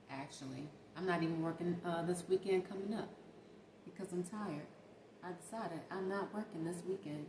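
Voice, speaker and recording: A young female vlogger talks casually and animatedly to her viewers in a late-night vlog, calling them "y'all." Her voice is on the low side at a moderate pace. The room is echoey with faint ambient noise.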